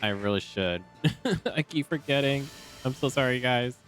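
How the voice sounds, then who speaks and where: Speaking at medium pitch with lively intonation, a man keeps a measured pace and a slightly bright tone as he streams a game. His chat is casual and rambling, full of ums, picked up by a desk microphone with faint game music behind.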